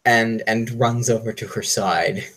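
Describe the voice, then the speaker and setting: A man playing in a tabletop role-playing game over an online call, describing his character's actions in a slow, thoughtful, hesitant way. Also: lowish voice, fairly even intonation, fairly bright tone, poor audio. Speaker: player. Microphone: online video call.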